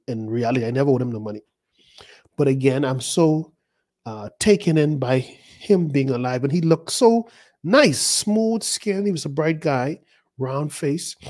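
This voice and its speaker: A man's voice: on the high side, darkish tone. A male pastor in his fifties, teaching a sermon by retelling his own dreams in a loose, conversational way that circles back on itself with asides. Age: 50s. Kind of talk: sermon teaching through personal dream stories.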